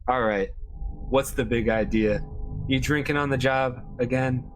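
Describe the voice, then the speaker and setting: A man voicing teasing, suspicious male guards who speak loudly and accusingly. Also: mid-range voice, fairly even intonation, measured pace, faint music behind, voice pushed up, natural voice.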